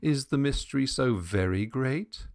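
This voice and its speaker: A man's voice: fairly high pitch, very animated, moderate pace, a little mellow, dry recording, studio quality, pitched above the performer's own voice. A man voicing a logical, impatient young governess in an audiobook, asking firm questions. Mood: stern.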